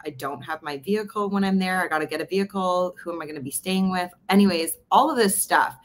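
A Canadian woman who hosts a podcast candidly tells a personal story in a casual interview, retelling dialogue animatedly. She talks fast in a lowish voice.

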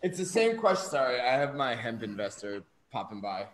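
A man's voice: mid-range voice, big pitch swings, fairly quick, fairly bright tone, roomy sound, a little hiss or hum, rough recording. A man from New York talking casually on a livestream as co-host, blunt and swearing freely.

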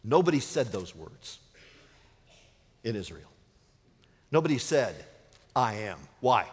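A man preaching a sermon as pastor, dynamic, often dropping to a hushed low voice for emphasis. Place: church sanctuary. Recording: reverberant church sanctuary.

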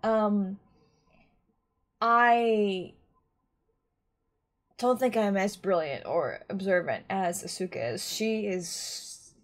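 A woman's voice: medium pitch, very slow, pauses often. A woman giving casual reaction commentary on an anime, talking in a rambling, chatty way with lots of restarts.

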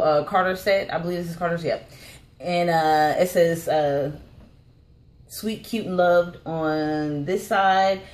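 A woman with a notably low voice talks straight to her viewers in a relaxed, chatty vlog. She rambles, circles back often, and sounds openly fond of what she is showing. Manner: rambling and warm, frequent "um" and "but anyways"; affectionate, gushing over small details. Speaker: reborn doll artist showing a packed order.

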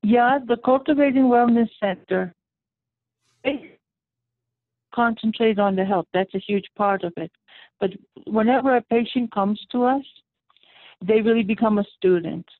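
A woman guest calling into a radio talk show, explaining her work in a steady, methodical way. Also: on the high side, measured pace, pauses often, no room sound. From raised in the Roma community. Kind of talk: radio interview by phone. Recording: tinny phone line.

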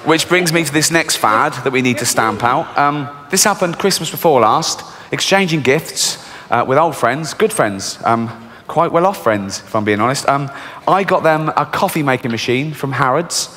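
A middle-aged English comic doing stand-up, his voice a touch high and very lively as he lurches between dry asides and giggles. His words ring through a large theatre with a long tail of reverb. Faint ambience sits underneath. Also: moderate pace, few pauses. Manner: deadpan, sardonic storytelling that breaks into giggles. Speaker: stand-up comedian. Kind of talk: stand-up comedy routine.

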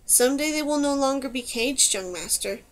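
An earnest, cheerful old tribal man who speaks formally in simple phrases, as a woman narrator voices him. The voice sits a little high. It is an audiobook reading of a fantasy novel. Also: animated, moderate pace.

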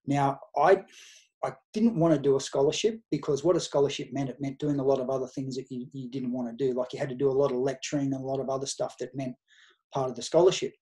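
A middle-aged Australian man speaks fast in a mellow, medium-pitched voice with a steady tone. He's a nutrition researcher and coach appearing as a podcast guest, telling anecdotes in a casual interview by quoting past conversations.

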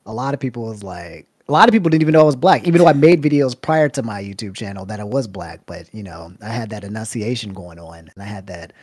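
Male host, relaxed slang-heavy delivery, dry close recording. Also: on the low side, fast, few pauses, no echo. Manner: laid-back, slangy, trails off quietly. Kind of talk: casual commentary chat.

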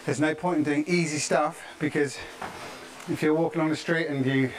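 A man's voice: fairly high pitch, fairly even intonation, normal speed. A man coaching a live-streamed workout, chatty and encouraging, often checking in with "yeah?". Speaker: fitness coach. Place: outdoors, in the tropics.

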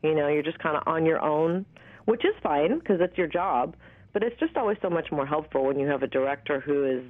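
A woman in her fifties, an actress, telling stories in a candid, animated way with plenty of fillers and the odd swear word. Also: low-pitched, dry recording. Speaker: actress and interview guest. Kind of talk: casual storytelling interview. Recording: tinny dry phone line.

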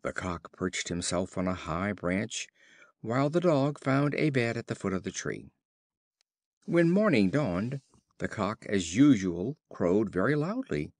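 Man reading fables aloud, slow and clear, lively pitch, dry close sound. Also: no room sound. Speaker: storyteller. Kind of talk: scripted fable narration for learners.

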